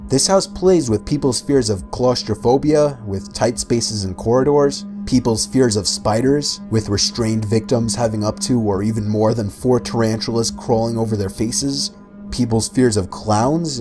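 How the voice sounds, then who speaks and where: Male narrator, scripted list narration, matter-of-fact, mid-pitched voice, music underneath. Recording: voice-over with clear background music.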